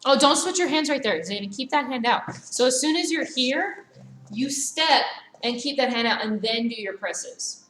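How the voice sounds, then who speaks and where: A woman teaching a live virtual karate class, calling out brisk commands and corrections to her students. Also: high-pitched, animated, a bit bright, slight background noise. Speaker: karate instructor. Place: karate studio, indoors. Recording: echoey room.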